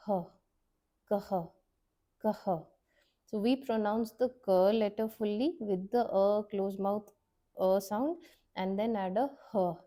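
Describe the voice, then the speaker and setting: Slow, patient woman teaching Hindi. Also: medium pitch, creaky, dark tone. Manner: patient, repeats sounds to model pronunciation. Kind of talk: slow step-by-step language lesson.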